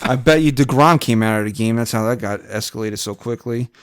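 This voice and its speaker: A man's voice: medium pitch, brisk, smooth, dry recording, clean studio sound. A man co-hosting a sports podcast, chatting casually and rambling with lots of fillers as he wraps up the show. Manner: rambling, filler-heavy wrap-up. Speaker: podcast co-host.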